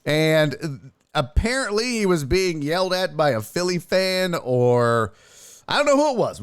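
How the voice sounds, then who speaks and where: A man hosts a casual sports talk stream and swears freely as he reacts to clips. His voice sits high and swings widely in pitch. He talks back to his chat with loud, excitable energy. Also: clear, resonant tone, no echo, clean studio sound. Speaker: sports show host and streamer.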